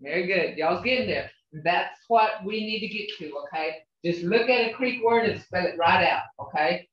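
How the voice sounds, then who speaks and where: Over a muffled, echoey video call, an older woman patiently coaches a language class, frequently checking in with "okay?". Recorded from a distance, her voice is on the low side, animated and moderately paced.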